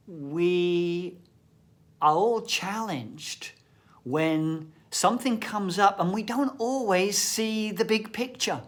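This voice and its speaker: Slow, expressive male storyteller. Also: sits high. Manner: slow, expressive storyteller, often drops to a whisper. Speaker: shamanic practitioner and storyteller. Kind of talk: reflective thought-for-the-day talk with storytelling.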